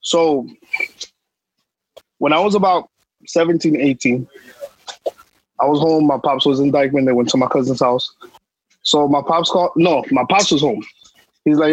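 Husky-voiced New man telling a story. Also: fairly high pitch, normal speed, pauses often, dry recording, dull audio. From New York. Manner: emphatic, repetitive street slang. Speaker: podcast co-host. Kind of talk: casual storytelling chat.

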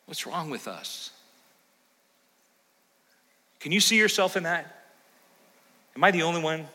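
A male pastor preaching a sermon in a church, animated and acting out the voices of scripture. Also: on the high side, moderate pace, in a large hall, rough recording. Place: church sanctuary.

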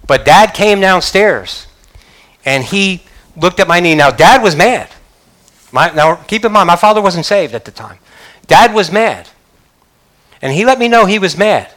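An older male pastor delivers a sermon in a notably high voice. He preaches with emphatic, rising conviction and punctuates points with hallelujahs. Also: animated, unhurried, long pauses, fairly bright tone. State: choked up.

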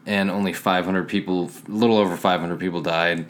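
A man's voice: low-pitched, steady tone, a little fast. A man co-hosting a podcast in casual chat, laid-back and wry, tripping over names now and then. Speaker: podcast co-host.

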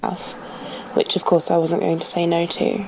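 A woman caller leaving a recorded message in a smooth, raspy, deadpan voice. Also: lowish voice, moderate pace, noisy background.

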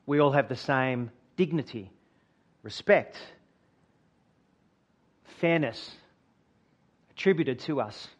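A man, a church minister preaching a sermon and telling a personal story, rising to emphatic peaks and dropping quiet. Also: medium pitch, animated, slow pace, long pauses. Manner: earnest storytelling, builds to emphatic peaks then drops quiet.

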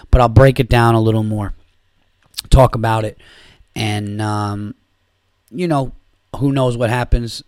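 A man hosting a podcast rants about sports in a casual, profane, sarcastic way. His voice sits in a middle pitch and sounds dry and close. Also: a little mellow, dry recording. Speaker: podcast host.

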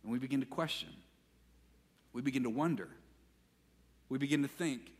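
A man preaching a sermon as pastor, animated when acting out quotes and dropping to a quiet, intense voice for emphasis. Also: medium pitch, moderate pace, pauses often, husky, long reverb tail. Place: church sanctuary.

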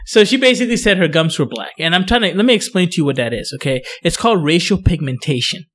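A man's voice: high voice, lively intonation, fast, fairly bright tone. A man who hosts a casual podcast as a dentist, explaining things at length with many fillers and restarts. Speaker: dentist, periodontist podcast host.

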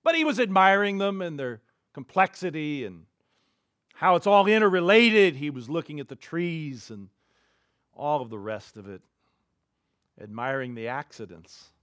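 A man preaching as a pastor, telling a story in an animated way with big swings in loudness. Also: on the high side, moderate pace, dry recording, studio quality. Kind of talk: sermon storytelling. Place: church.

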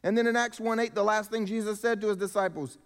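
A man preaching a sermon as pastor, with emphatic swings between loud declarations and quiet, low asides. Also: fairly even intonation, quick pace, clean tone. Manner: preaching with emphatic rises and drops in volume. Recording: long hall reverb.

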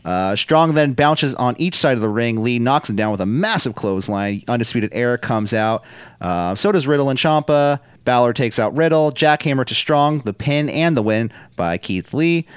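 A man's voice: mid-range voice, animated, moderate pace, clean tone, no echo, studio quality. A man co-hosting a podcast, casually recapping wrestling matches, swearing and laughing now and then. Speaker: podcast co-host.

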